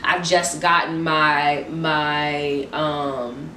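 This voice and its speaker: Woman, restless excited faith talk, repeated refrains, distant mic, faint background hum. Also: deep voice, very slow. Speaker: Christian vlogger. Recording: roomy echo, distant mic.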